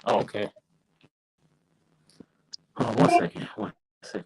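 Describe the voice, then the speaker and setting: A man's voice: fairly low pitch, moderate pace, fairly bright tone, poor audio. A man teaching a class casually over a live stream, informal and often checking in with his listeners.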